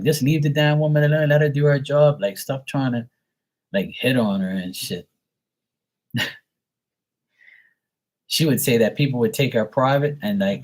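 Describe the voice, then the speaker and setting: A man's voice: fairly low pitch, slightly rough. A man giving live tarot readings, talking bluntly and profanely in a casual monologue, acting out others in mocking voices.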